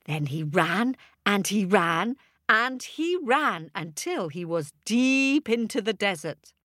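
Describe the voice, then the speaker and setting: A woman reading a children's story aloud with an animated, expressive manner. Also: medium pitch, slow, dry recording, studio quality.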